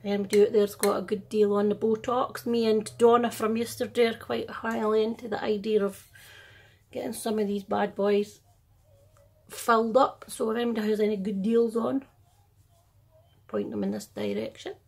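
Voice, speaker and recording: Steady and a little high, with a creaky, breathy edge, the voice moves at a moderate pace. It belongs to a middle-aged Scottish makeup artist casually walking through a home tutorial in a soft half-whisper, often teasing herself.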